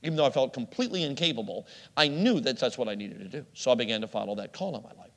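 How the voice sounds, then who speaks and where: A man's voice: medium pitch, expressive, racing. Man preaching with hall reverb. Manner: storytelling, self-deprecating humor with laughs. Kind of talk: sermon.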